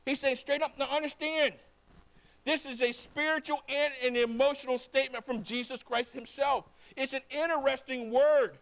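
A man preaching a sermon as pastor, talking straight to his congregation and swinging between low, quiet passages and loud, climbing ones. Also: fairly even intonation, moderate pace, poor audio. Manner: talks directly to the congregation.

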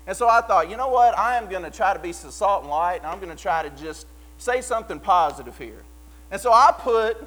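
A man delivers a sermon. He preaches with passion, rising to loud fervor and then dropping to a quiet, earnest tone. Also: high voice, rough recording. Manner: impassioned, swings from loud to hushed. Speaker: pastor.

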